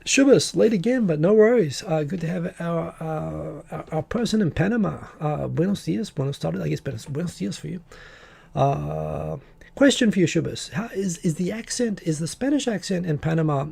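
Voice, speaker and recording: Gravelly man hosting a casual live stream. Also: a little high, mellow. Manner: rambling, reads viewer names aloud.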